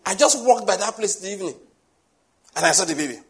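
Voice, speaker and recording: A middle-aged man preaching a sermon, animated, asking rhetorical questions and acting out little scenes. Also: high-pitched, quick pace.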